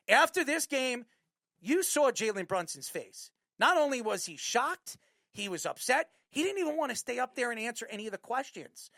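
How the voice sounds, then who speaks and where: A male sports talk host rants about basketball with a rough, gravelly texture in his voice. He talks with fired-up, repetitive emphasis and often climbs into near-shouts. The sound is dry and close, with no room behind him. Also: very high-pitched, very animated, normal speed, no echo. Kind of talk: heated sports commentary rant.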